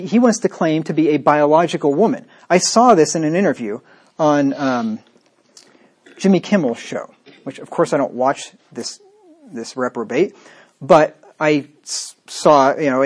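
A male preacher delivering a sermon with a fairly high-pitched voice. He talks in a scornful, combative way and keeps turning to the listener with rhetorical asides. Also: darkish tone.

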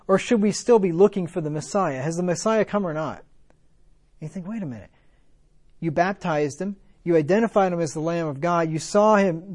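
Preaching man with a higher voice. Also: a little mellow. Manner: quoting scripture, rising to fervent emphasis; conversational asides with rhetorical questions. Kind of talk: sermon.

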